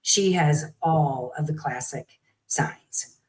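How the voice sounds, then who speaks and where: A middle-aged woman, a guest parent, telling her story in a lively conversational way and acting out what others said. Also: low-pitched, slow pace, poor audio. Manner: animated, acts out quoted people.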